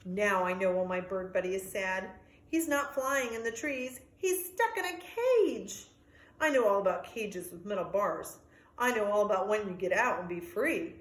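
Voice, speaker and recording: A woman's voice: medium pitch, moderate pace, echoey room, natural voice. A woman reading as a kind young dog. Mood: troubled. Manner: lively storybook reading with sound effects. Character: friendly young male dog, anxious but kind.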